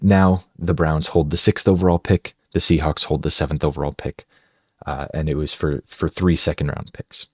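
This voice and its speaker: Low, husky-voiced man chatting football. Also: level tone, moderate pace, darkish tone, no room sound, studio quality. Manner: chatty, conversational, thinks aloud. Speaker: sports video host. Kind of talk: casual football draft analysis.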